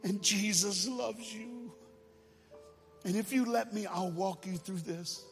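A man voicing a kindly, forgiving older man who speaks in a high, bright, welcoming way. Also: slow. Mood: tender. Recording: long hall reverb, faint music.

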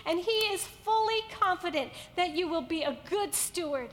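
A woman's voice: extremely high pitch, expressive, normal speed, hardly any pauses, a bit bright, in a large hall. A woman pastor preaching a sermon to women, earnest and building to emphatic repetition.

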